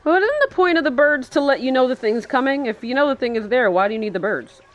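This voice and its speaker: A woman's voice: high-pitched, animated, fast. Chatty, sarcastic woman commentating a movie. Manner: chatty and sarcastic, swears and laughs often. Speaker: film reaction commentator. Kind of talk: casual live movie commentary. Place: indoors, seated in a chair.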